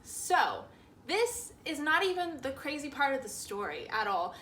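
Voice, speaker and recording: Bright-voiced young woman telling a story. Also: sits high, unhurried. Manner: animated storytelling, acting out quotes with laughs. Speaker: vlogger. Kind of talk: storytime vlog. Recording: roomy echo.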